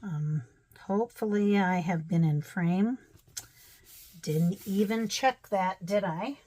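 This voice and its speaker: A woman's voice: medium pitch, slow, warm tone, a little hiss or hum. A woman narrating her crafting casually, thinking aloud with chatty, self-deprecating asides.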